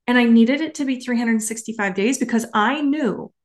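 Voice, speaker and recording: A woman's voice: on the high side, normal speed. A woman hosting a solo podcast, talking in a candid, emphatic way and swearing casually. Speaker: podcast host.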